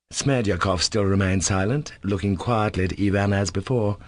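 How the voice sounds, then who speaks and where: Male audiobook narrator, low pitch, dry close mic, measured steady delivery. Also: dry recording. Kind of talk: scripted narration.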